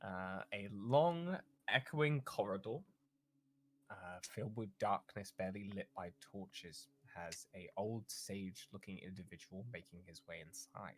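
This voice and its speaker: A man's voice: low voice, measured pace, slight background noise. A young man narrating as dungeon master, filling the scenes with ums and uhs. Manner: many ums and uhs, lively scene-setting. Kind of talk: tabletop game narration.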